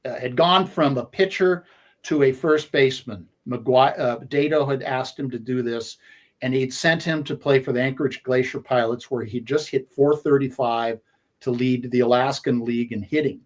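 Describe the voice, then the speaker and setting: Sports radio co-host in his 60s, storytelling, halting delivery full of fillers. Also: medium pitch. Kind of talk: conversational storytelling.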